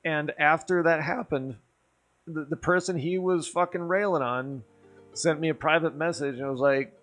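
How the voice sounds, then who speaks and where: Male streamer, slightly high voice, tipsy and profane, casual rambling delivery, faint music underneath. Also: normal speed. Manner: rambling, profane, animated when riled. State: drinking, tipsy. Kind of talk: casual storytelling chat.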